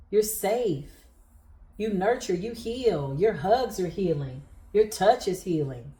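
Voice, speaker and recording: Woman tarot reader with a low voice and an emphatic, preaching delivery, recorded in a roomy space. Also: lively intonation, normal speed, darkish tone, slight background noise. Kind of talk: spiritual tarot reading.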